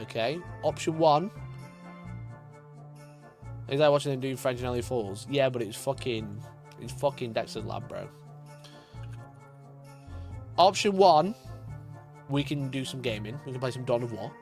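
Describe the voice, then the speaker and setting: Joking, profane male streamer. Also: medium pitch. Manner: joking, profane and chatty with laughter. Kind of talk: casual live-stream chat.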